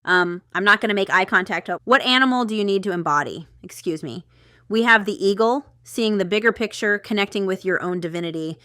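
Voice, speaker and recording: Bright, crisp-voiced woman reading tarot. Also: mid-range voice, a little fast, dry recording, clean studio sound. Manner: chatty and rambling, with asides and stifled laughter. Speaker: tarot reader. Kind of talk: casual tarot reading to camera.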